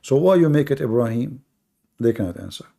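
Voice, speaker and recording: Male debate host, gravelly low-toned voice, emphatic and repetitive, halting delivery. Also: expressive, dark tone. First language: Arabic. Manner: emphatic, repeats himself, many hesitations. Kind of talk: live-streamed religious debate talk.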